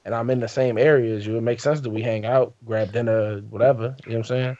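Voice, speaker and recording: A man's voice: medium pitch, fairly even intonation, a little fast, warm tone, muffled recording. Laid-back man rambling on a podcast. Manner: laid-back, rambling, says "you know what I'm saying" often. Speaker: podcast co-host. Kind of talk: casual podcast banter.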